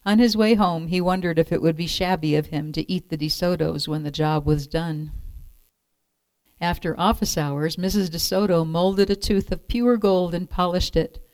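A woman calmly reading a children's picture book aloud as storyteller. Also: fairly low pitch, moderate pace, dry recording.

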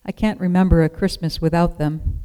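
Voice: medium pitch, fairly even intonation, brisk, warm tone, clear, resonant tone, close to an everyday voice. A reader voicing a polite, earnest widow and mother in a storybook reading.

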